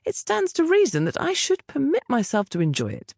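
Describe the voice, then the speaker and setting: A woman puts on a calm young aristocrat from an audiobook, mild and even-tempered. His voice sits high, above her own reading voice, and lilts lightly. The sound is dry. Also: fairly quick, gravelly, no echo, heavily acted.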